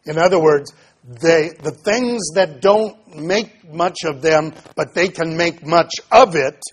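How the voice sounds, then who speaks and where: Husky man preaching a sermon. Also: a little high. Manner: reads scripture aloud, then explains it with pauses and fillers. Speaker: pastor. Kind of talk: expository sermon.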